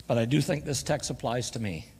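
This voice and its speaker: A man's voice: mid-range voice, fairly quick, a little mellow, slightly rough. A man preaching a folksy guest sermon in a church, mixing jokes and laughter with scripture. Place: church sanctuary. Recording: church live stream with long hall reverb.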